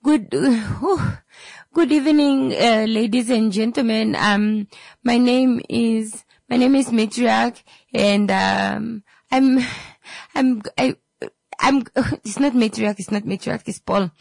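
A woman's voice: fairly high pitch, takes it slowly, creaky, a little mellow, no room sound, voice pushed up, exaggerated voice. A woman voicing a nervous male airline pilot who stammers and giggles through his cabin announcement. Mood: flustered.

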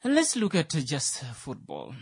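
Man, halting co-host with sarcastic streak, dry studio sound. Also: fairly high pitch, wildly swooping pitch, gravelly, slightly rough, no room sound. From Namibia. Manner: hesitant, many fillers, dry sarcastic humor. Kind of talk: casual discussion.

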